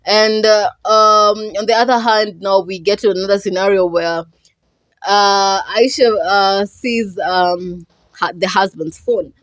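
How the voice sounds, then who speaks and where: A young woman with a Kenyan accent talks through a film plot in a loose, chatty podcast style, switching freely between English and Swahili. Her pitch sits mid-range for a woman, and her delivery is animated and expressive. The recording is close and dry, with no room sound. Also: unhurried, no room sound. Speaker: podcast host and movie reviewer. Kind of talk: casual podcast movie review.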